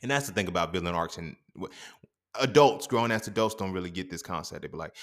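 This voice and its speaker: A young man hosting a podcast, telling a personal story in a profane, animated, slangy monologue. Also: low voice, fast talker. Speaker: podcast host.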